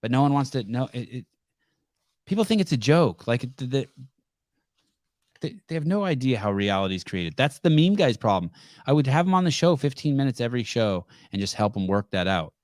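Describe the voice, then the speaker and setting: A man's voice: medium pitch, big pitch swings, brisk, a little mellow, dry recording, studio quality. A man hosting a live call-in podcast, telling stories bluntly and casually with some swearing. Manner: blunt storyteller with profanity. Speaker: podcast host. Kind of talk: casual call-in show chat.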